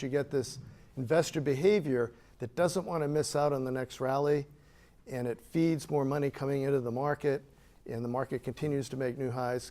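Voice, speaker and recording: A man answering as a panelist at a live discussion, explaining in a measured way into a handheld microphone. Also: mid-range voice, darkish tone.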